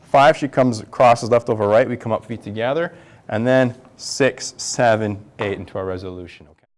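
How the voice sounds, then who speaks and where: A man's voice: mid-range voice, normal speed. A male tango instructor teaching a dance class, counting the steps aloud as he demonstrates them. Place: dance studio.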